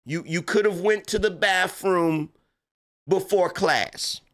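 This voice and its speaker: A man's voice: high voice, a bit bright. A man doing a stern frazzled schoolteacher. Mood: scolding. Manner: scolding, halting, repeating herself. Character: stern frazzled female schoolteacher scolding her class.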